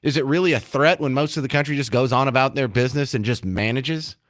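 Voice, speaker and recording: A man's voice: medium pitch, fast talker, no room sound, clean studio sound. A man hosting a talk radio show, casual and sarcastic, given to self-deprecating jokes.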